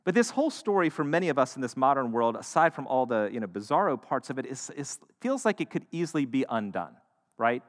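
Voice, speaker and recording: A man preaching a sermon, retelling a story with animated, joking asides. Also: medium pitch, fast. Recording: echoey hall.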